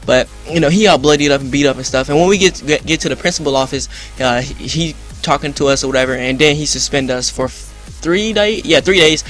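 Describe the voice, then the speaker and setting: A young man rambling excitedly through a story to his viewers, full of slang and fillers. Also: on the high side, quick pace. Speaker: vlogger. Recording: music in background.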